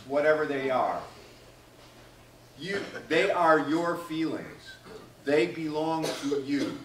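A man's voice: a little high, takes it slowly, slight background noise. A man teaching a class, asking students questions by name and acting out quoted lines. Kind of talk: classroom lecture. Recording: echoey classroom from far off.

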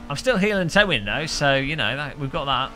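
A man streaming a racing game, joking and rambling with frequent laughs, a little hoarse after hours of talking. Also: on the high side, sing-song, brisk, sharp tone. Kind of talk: live-stream gaming commentary. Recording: game car engine noise behind.

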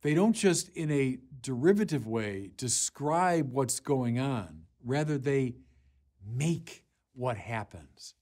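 A man, a bishop, preaching a Sunday sermon in earnest, deliberate phrases with pauses, rising in force when he quotes scripture. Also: mid-range voice, animated, darkish tone. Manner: slow, deliberate delivery with pauses.

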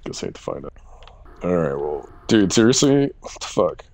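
A man's voice: deep voice, sing-song, normal speed, a little mellow. A man streaming a horror game, joking, swearing and reading on-screen text aloud. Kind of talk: let's-play commentary.

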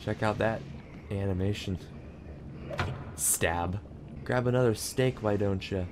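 Over background noise and game music, a man with a fairly low voice speaks slowly while playing. He hosts a gaming channel, giving relaxed let's-play commentary, cracking jokes and addressing the character on screen.

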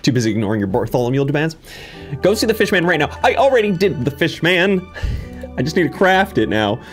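Over game background music, a man who makes gaming videos narrates a live let's-play in a slightly high, sing-song voice at a somewhat fast clip. He talks to the characters on screen in a playful way and throws in lots of goofy sound effects.

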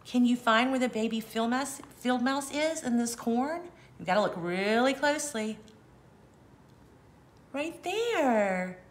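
A woman reads a farm picture book aloud for small children. Her voice swoops widely in pitch while she keeps an unhurried pace. She stops often to invite the listener to find things and count them. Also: slight background noise. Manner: gentle, animated, asks the listener to count along. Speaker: children's storyteller. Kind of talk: read-aloud for kids.

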